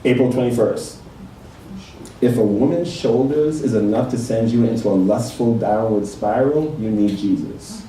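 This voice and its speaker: A man's voice: medium pitch, moderate pace, dark tone. A laid-back man hosting a casual interview, asking questions and reading quotes aloud to his guest. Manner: laid-back, laughs easily. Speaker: interview host. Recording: echoey room from far off, faint noise.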